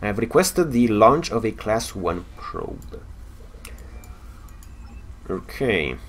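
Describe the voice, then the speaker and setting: A man with a Romanian accent reading the log of a curious male science officer in a space game, measured with small stumbles. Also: lowish voice, big pitch swings, slight background noise.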